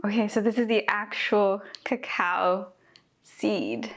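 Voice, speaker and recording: A young woman from Mexico, chatty and excited, thinking aloud while tasting a fruit for a food vlog. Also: medium pitch, takes it slowly. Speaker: cooking vlogger. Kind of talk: casual first-impressions tasting vlog.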